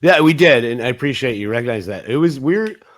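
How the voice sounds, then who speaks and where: A man's voice: medium pitch, expressive, brisk. Chatty man telling business anecdotes. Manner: rambling, anecdotal, acts out quoted dialogue; frequent restarts and fillers. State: coughing at times. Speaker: guest, 5G business internet provider. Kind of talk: casual interview talk.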